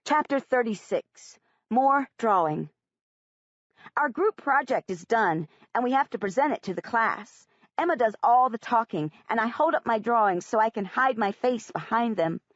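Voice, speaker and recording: A woman narrating a first-person audiobook in an expressive, plain-spoken way. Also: a little high, normal speed, no echo. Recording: dry, slightly muffled audiobook recording.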